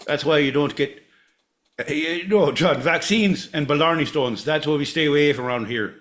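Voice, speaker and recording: A man's voice: on the high side, normal speed, fairly bright tone, lightly acted. A man voicing a rambling stereotyped Irish man in a put-on Irish accent, stammering and sing-song in a comedy bit. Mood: absurd.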